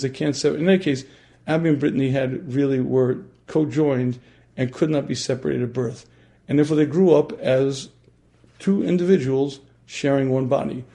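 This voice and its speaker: A man teaching a religious class who often clears his throat and asks his listeners questions. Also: a little high, warm tone.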